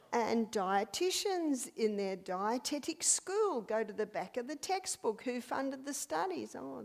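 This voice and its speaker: An older woman giving a health lecture, asking emphatic rhetorical questions. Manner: emphatic, rhetorical questions, lively pitch swings.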